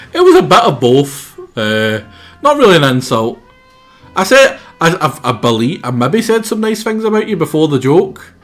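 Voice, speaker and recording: Streamer with a sore throat. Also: male voice, medium pitch. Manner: rambling, self-mocking, stumbles over words. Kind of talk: casual game commentary.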